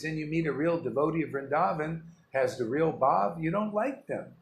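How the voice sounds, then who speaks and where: A spiritual teacher gives an informal devotional talk, emphatic and rambling and full of rhetorical questions. His voice is on the high side, at normal speed with few pauses. The room has a roomy echo with faint ambience and slight background noise.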